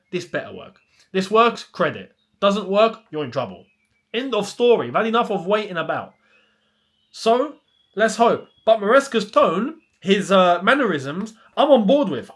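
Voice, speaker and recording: A man's voice: high voice, fairly bright tone. A young man, hosting a casual football chat and ranting with plenty of rhetorical questions. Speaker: football channel host.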